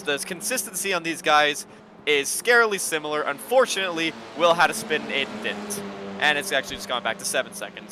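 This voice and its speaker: A man doing live sim racing commentary, excitable and getting loud in close battles. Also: fairly high pitch, slight background noise. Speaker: race commentator.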